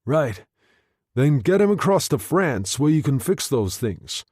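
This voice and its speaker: A man reading a novel aloud, voicing an agitated wartime general who speaks in a slow, grave way. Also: a little high, very animated, darkish tone, husky, dry recording, studio quality, pitched above the performer's own voice, exaggerated voice. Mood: urgent.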